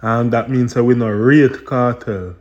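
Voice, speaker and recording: A man's voice: mid-range voice, steady tone, measured pace, a little mellow, muffled recording. A man with a Jamaican accent hosting commentary on video clips, addressing viewers in patois with an indignant, explaining tone. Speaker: commentary host.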